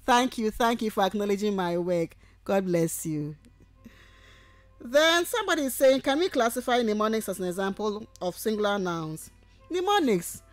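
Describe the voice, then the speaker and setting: A woman lecturer, teaching on radio and taking calls, who speaks warmly and affectionately and repeats points patiently. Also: medium pitch, very animated, moderate pace, dry recording, soft background music. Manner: affectionate, calls listeners sweetheart and my dear. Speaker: university lecturer. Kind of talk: radio lecture with call-ins.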